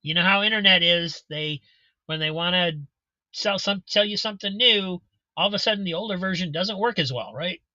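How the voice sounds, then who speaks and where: A man talks at length over a video call, circling back and repeating himself. His voice sits a bit high and sounds very bright. The audio is dry and a little muffled. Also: brisk, dry recording. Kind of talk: casual chat on a video call.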